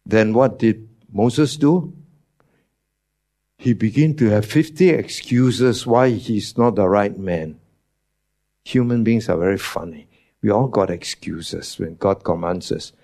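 A man's voice: lowish voice, slow, mellow. A man preaching a teaching sermon, emphatic, his voice jumping up on key words, with non-native English phrasing.

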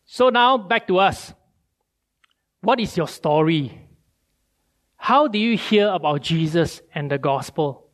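A male preacher, giving a sermon with animated storytelling and many rhetorical questions. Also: high voice, slow pace, long pauses.

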